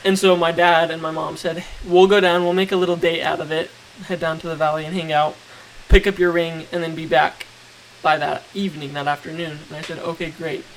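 A young man in his twenties casually telling a story as podcast co-host, relaxed and rambling. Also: a little high, fairly quick, low-quality recording. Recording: faint hiss.

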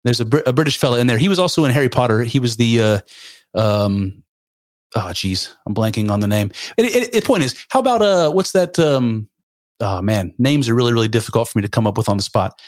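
A man's voice: mid-range voice, animated, fairly quick, darkish tone, dry recording. American man, podcast guest, General American accent, hesitant and wordy, dry close sound. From United States. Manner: hesitant, many ums and restarts, searching for words. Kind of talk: casual conversation.

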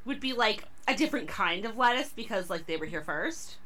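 A woman's voice: medium pitch, lively intonation, brisk, over a noisy crowd. A Canadian woman co-hosting a podcast, chatting casually and giggling between points. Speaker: podcast co-host. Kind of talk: casual chat.

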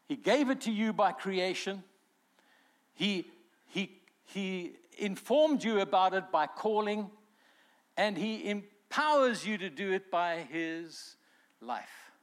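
A male pastor delivering a sermon, animated and emphatic, acting out quotes with rising force. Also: on the high side. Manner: animated preaching, voices quotes with swelling emphasis.

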